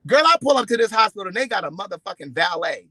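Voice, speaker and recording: A man with a high, very bright voice tells a story to his camera in an animated way, with plenty of profanity. He acts out the lines of each person in it. The sound is close and dry. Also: quick pace, slightly rough, no room sound, rough recording. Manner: expressive, profane, acts out quotes with big swings in loudness. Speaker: vlogger.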